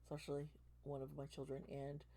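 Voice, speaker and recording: A woman in her forties, hoarse from losing her voice, talking casually and emotionally to her channel members, rambling and restarting her sentences. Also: low voice, completely flat delivery, fairly quick, mellow. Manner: rambling, emotional, many restarts, swearing when worked up. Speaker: tarot reader and channel host.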